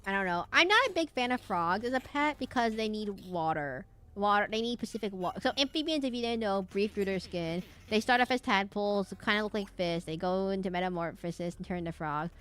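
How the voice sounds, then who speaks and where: A woman's voice: mid-range voice, expressive, a little fast, few pauses, fairly bright tone, clean tone. A young woman streaming a game and chatting casually, rambling off on tangents with lots of fillers and restarts. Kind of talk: casual gameplay stream chat.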